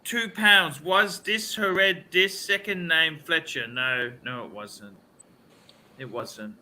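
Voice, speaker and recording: Profane, rambling man with a bright voice. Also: on the high side, slow pace. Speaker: livestream host. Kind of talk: casual livestream chat.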